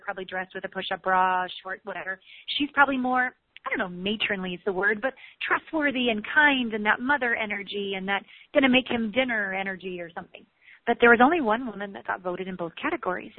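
A woman relationship coach giving a candid, animated motivational talk, swearing casually. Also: medium pitch, no room sound. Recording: tinny phone-like sound.

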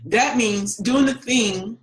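A woman talks as a guest in a relaxed chat, her pitch sitting a little high. She animates her stories by acting out what she used to think and say. The sound carries a roomy echo. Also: takes it slowly. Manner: animated, acts out her past self's voice. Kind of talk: casual chat.

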